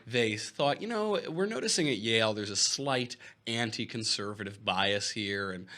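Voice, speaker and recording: A man's voice: lowish voice, animated, normal speed, bright, forceful tone. A young man speaking as a guest on a talk show, with dry, wry humor. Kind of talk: casual studio chat.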